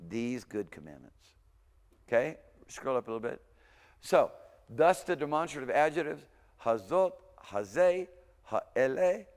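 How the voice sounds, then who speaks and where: A man teaching a recorded university language class in a casual, thinking-aloud way, stopping often to correct himself. His middle-pitched voice carries a long reverb from the lecture room. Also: a little mellow.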